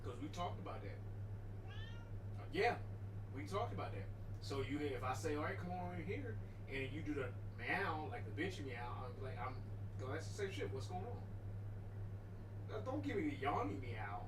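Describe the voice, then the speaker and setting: A man's voice: mid-range voice, big pitch swings, moderate pace, long pauses, noisy background. A man livestreaming and chatting casually, rambling and swearing as he talks to his cat, often cutting himself off and restarting. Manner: frequent self-interruptions and restarts. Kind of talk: casual stream chat.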